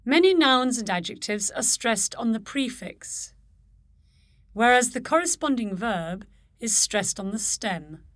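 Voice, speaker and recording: A woman reading a pronunciation lesson, enunciating each word slowly and deliberately. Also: a little high, expressive, fairly bright tone, no echo. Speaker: pronunciation course reader. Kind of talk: slow, careful scripted reading of word lists.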